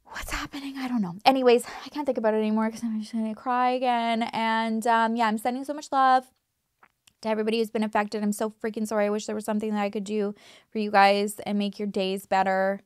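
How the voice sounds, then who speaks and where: A woman's voice: on the high side, no echo. Chatty woman vlogger, dry close sound. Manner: chatty, emphatic, many fillers and restarts. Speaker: YouTube true crime creator. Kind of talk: casual talk to camera.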